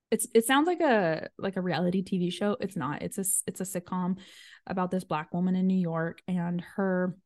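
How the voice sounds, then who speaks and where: Chatty woman with a dark, mellow voice. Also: on the low side, dry recording, clean studio sound. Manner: chatty, full of fillers and "like". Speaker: podcast host. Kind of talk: casual chat.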